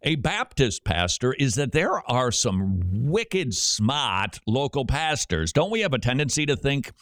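A man hosting a Christian radio talk show, telling stories in a lively, joking way. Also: medium pitch, measured pace, dry recording, studio quality. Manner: animated, joking storyteller. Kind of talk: conversational radio commentary.

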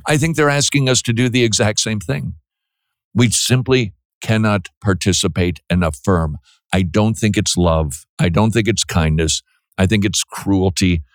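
A man's voice: lowish voice, normal speed, dry recording, clean studio sound. A man hosting a Christian call-in radio show, earnest and preachy, stumbling through restarts and breaking into jokes now and then. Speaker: radio host.

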